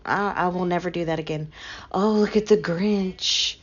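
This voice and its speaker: A woman's voice: mid-range voice, animated, normal speed. Chatty woman on a stream. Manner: chatty, laughs often, talks to chat. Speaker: livestream host. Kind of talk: casual live-stream chat. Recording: dull lo-fi stream audio.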